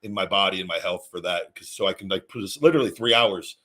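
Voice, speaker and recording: A man, a former wrestler, hosting a casual podcast and telling relaxed road stories with frequent restarts. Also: low-pitched, fast.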